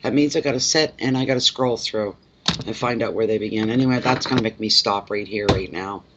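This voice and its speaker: A Canadian man with a lowish voice talks fairly quickly as he chats with live-stream viewers in his role as a tarot reader, greeting them by name, rambling, and repeating himself. The background is noisy, and the recording sounds slightly dull and lo-fi.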